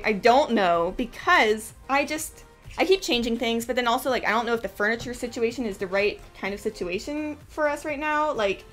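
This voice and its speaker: A woman's voice: mid-range voice, fairly bright tone. A young woman with an American accent, chatting casually and gushing with lots of fillers while hosting a LEGO build livestream.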